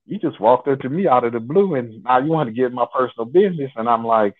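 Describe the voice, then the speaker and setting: A man from Nebraska, a guest in an interview, telling a personal story in an unhurried, detailed, conversational way. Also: medium pitch, expressive. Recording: tinny phone line.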